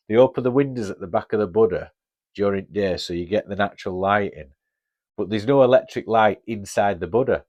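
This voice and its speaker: Northern english bloke in his 50s, lowish voice, casual chatty storytelling, swears a bit. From Northern England. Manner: chatty, blunt, swears freely. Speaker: podcast host.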